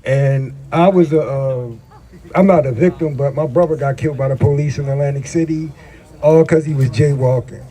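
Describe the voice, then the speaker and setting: A man's voice: mid-range voice, steady tone, moderate pace, dark tone. Impassioned man at an outdoor rally. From New Jersey. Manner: emphatic, street-talk, repeating questions. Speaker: rally speaker. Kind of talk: impassioned protest speech. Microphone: handheld camera mic.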